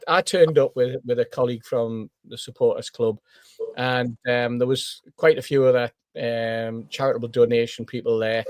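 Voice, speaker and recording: Man, podcast panelist, animated storytelling, dry close recording. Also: medium pitch, dry recording. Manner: animated storyteller, acts out quoted voices. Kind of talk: casual anecdote telling.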